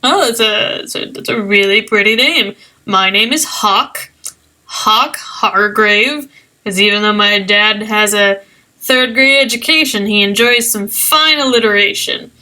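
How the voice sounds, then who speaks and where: A woman's voice: medium pitch, measured pace, sharp tone. A woman voicing a cheeky, flirtatious human man in his thirties in a tabletop game. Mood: teasing. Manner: cheeky, leans in to whisper.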